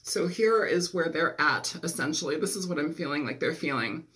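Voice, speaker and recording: Rambling man clearing his throat a lot. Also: on the high side, animated, normal speed, sharp tone. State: losing his voice, just woke from a nap. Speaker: tarot reader. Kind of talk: casual tarot reading.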